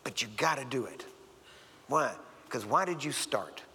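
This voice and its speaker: Gravelly preacher in a reverberant church. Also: male voice, mid-range voice, lively intonation, unhurried, pushed and bright, slight background noise. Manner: folksy storytelling, acts out voices. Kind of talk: sermon. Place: church sanctuary. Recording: long hall reverb.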